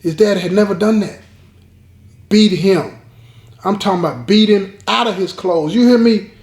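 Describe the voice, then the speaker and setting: A storyteller host with a high, slightly mellow voice tells his viewers a dramatic story at normal speed. He's emphatic, repeats key lines, and speaks straight to the audience, with roomy echo on the sound.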